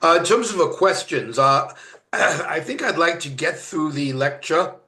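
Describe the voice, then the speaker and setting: A man from Canada giving a university lecture, halting with many fillers and restarts and stressing each word of a list. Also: on the high side, animated, pushed and bright, echoey room. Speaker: guest lecturer. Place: lecture room.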